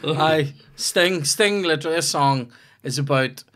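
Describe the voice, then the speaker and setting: A man with a Northern Irish accent hosting a comedy podcast, riffing playfully in quick jokey asides. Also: fairly high pitch, fairly bright tone. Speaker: podcast host. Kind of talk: casual comedy chat.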